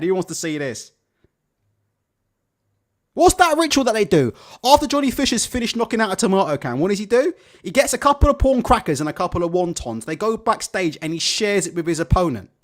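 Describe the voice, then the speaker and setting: A man's voice: high voice, a little fast. A man hosting a live boxing stream, swearing and sarcastic in his commentary. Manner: profane, sarcastic, animated. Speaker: boxing show host.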